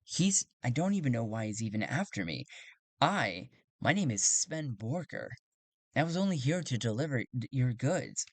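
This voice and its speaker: A man voicing a charismatic fugitive rogue who lies nervously and talks fast. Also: medium pitch, big pitch swings, dry recording. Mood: evasive. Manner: nervous, fast-talking denials.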